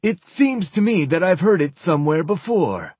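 A man's voice: sing-song, normal speed, darkish tone, slightly rough, no echo. A man voicing a sly, lisping elderly male zealot priest in a storybook reading. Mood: unctuous. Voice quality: lisping, high and unctuous.

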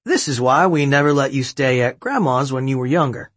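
A man voicing a joking middle-aged father in an audiobook, with a husky voice and a playful manner. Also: mid-range voice, lively intonation, a little fast, a bit bright, no echo. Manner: wisecracking, playful.

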